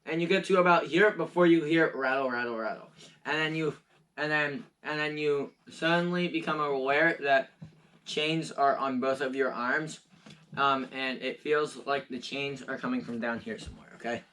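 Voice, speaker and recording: A man narrating as game master of a tabletop game, halting and often repeating himself. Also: medium pitch, steady tone, a bit bright.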